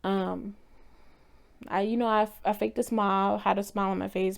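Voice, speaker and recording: A woman's voice: mid-range voice, flat delivery, normal speed, gravelly. A young woman vlogger telling a painful personal story in a candid, emotional way, sometimes swearing.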